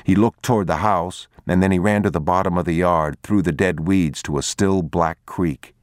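A man narrating a novel aloud in a measured, grave reading. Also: sits low, fairly even intonation, no echo, studio quality. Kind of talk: audiobook narration.

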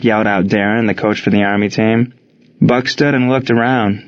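A man narrating an audiobook in a steady, measured reading. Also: fairly low pitch. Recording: dull lo-fi recording.

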